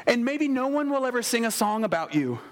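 A middle-aged man preaching a conversational sermon in an animated way, speaking straight to the people in front of him. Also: very high-pitched, fairly quick. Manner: animated, talks straight to the listeners.

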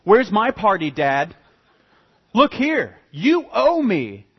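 A preacher putting on a whiny, indignant older son. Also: male voice, extremely high pitch, slow, no echo, voice pushed up. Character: resentful older brother, indignant grown son. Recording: dull lo-fi recording.

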